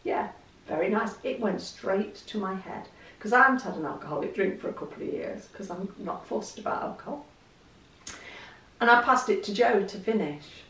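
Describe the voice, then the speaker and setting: A woman's voice: mid-range voice, expressive, normal speed, fairly bright tone. An English woman vlogging in a chatty storytelling way, laughing easily as she talks. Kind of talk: casual chat to camera. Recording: roomy echo, distant mic.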